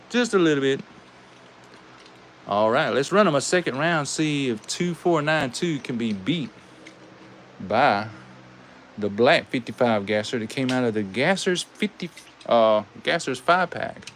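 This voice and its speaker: Calling a live toy car race, this Southern US man keeps his commentary casual and folksy, stretching his words and tossing in "y'all." His mid-range voice is animated and a bit bright, over slight background noise.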